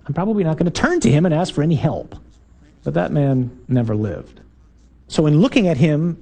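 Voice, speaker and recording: A man, a priest, giving an emphatic, animated talk to a parish group, full of rhetorical questions and punchy repeated lines. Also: a little high, creaky.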